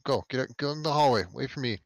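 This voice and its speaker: A man playing in a tabletop game, joking and giving quick commands. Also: medium pitch, gravelly, no room sound. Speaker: player. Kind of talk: casual tabletop game chat.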